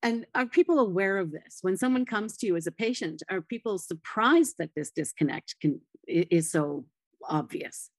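Woman host, calm and attentive, drops little "right"s and "mm-hmm"s, dry close mic. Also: medium pitch, moderate pace, dry recording. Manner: attentive, steady with brief affirmations. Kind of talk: interview.

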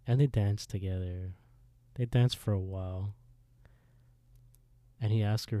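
Low-voiced man animatedly recapping a show. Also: a little slow, long pauses, no room sound. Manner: animated storyteller, swears, laughs often. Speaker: podcast co-host. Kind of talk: casual episode recap.

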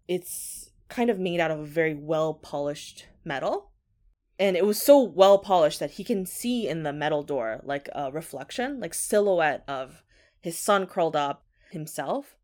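A woman's voice: low-pitched, darkish tone. A woman telling a ghost story in a casual, chatty way, often saying 'like'.

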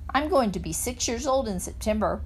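A woman's voice: fairly high pitch, lively intonation, a little fast, slight background noise. A woman reading aloud, voicing a chatty, earnest five-year-old girl who talks with rural Southern grammar. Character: little girl almost six, earnest and chatty.

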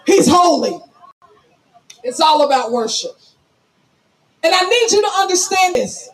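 A woman pastor preaching a sermon loudly and emphatically, calling on the congregation to answer back, in a folksy storytelling manner. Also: extremely high pitch, expressive, measured pace, rough recording. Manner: preaching loudly, emphatic, calls for audience responses; folksy, tells stories on herself.

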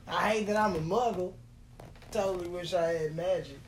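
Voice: medium pitch, moderate pace, long pauses. A vlogger telling rambling stories in a casual, profane, jokey way and laughing often between lines. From Texas. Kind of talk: casual rambling storytelling monologue. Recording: echoey room with faint hum.

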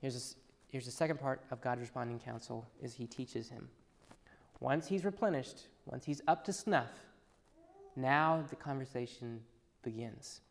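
A man preaching a sermon, swinging between loud emphatic passages and hushed asides. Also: mid-range voice, normal speed, vocal fry. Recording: long reverb in a large hall.

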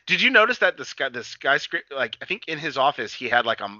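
Male podcast co-host, loose and profane, very bright tone, dull lo-fi sound. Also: medium pitch, fast talker, dry recording. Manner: animated, swearing, acts out quotes. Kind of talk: casual movie chat.

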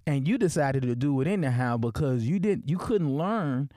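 A man from Memphis with a Deep South accent, hosting a personal podcast and telling stories with many fillers and restarts. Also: expressive, normal speed, warm tone, no room sound, studio quality. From Memphis, Tennessee. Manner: storytelling, many fillers and restarts, asks "right?". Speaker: podcast host.

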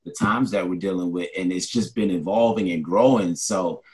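A man's voice: low voice, moderate pace. A man hosting an interview podcast, chatting casually in an inquisitive, upbeat, eager way. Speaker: podcast host.

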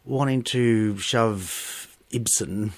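A middle-aged man with an Australian accent recalls his stage career as an interview guest. He tells his stories expressively and lifts into animated bursts when something amuses him. The recording is dry and close, with no room sound. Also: lowish voice, extremely slow, dry recording. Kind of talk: interview conversation.

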